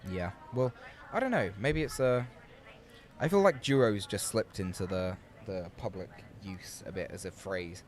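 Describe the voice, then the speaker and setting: A man's voice: lowish voice, unhurried. A young man commentating live at an outdoor rowing regatta, chatty and playful with wordplay.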